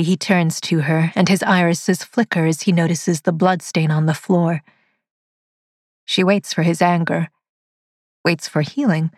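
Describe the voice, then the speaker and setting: Slow, measured woman narrator. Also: fairly low pitch, no room sound, clean studio sound. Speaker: audiobook narrator. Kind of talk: scripted story narration.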